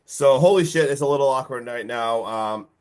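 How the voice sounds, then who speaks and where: A man co-hosting a podcast, recapping a horror movie in casual, excitable chat full of fillers and mild swearing. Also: mid-range voice, normal speed, smooth. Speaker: podcast co-host.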